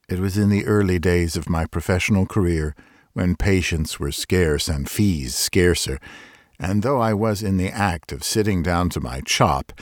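Deep-voiced librarian reading aloud. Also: male voice, dry recording, studio quality. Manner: measured, dramatic storytelling. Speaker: librarian and story reader. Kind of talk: scripted narration of a Victorian ghost story.

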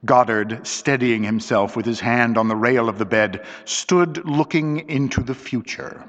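A man reading a story aloud as an audiobook narrator, in a steady, deliberate storytelling manner. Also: medium pitch. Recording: dull lo-fi recording with long reverb.

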